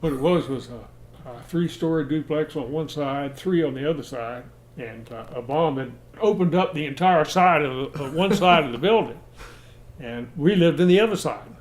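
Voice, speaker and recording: An older American man reminiscing about his childhood in a relaxed interview, chuckling and restarting his sentences as he goes. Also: fairly high pitch, moderate pace. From United States. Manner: rambling, chuckling storyteller with frequent restarts.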